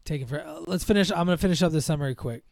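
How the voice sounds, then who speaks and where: A man's voice: a little high, rapid-fire, gravelly, darkish tone, dry recording. A man in casual chat recapping a film's plot, rambling with lots of fillers and acting out the characters' lines.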